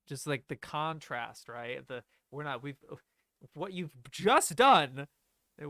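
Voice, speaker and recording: A young man streaming casual film commentary, animated and laughing, reading dialogue lines aloud. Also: a little high, a little slow, gravelly, dry recording.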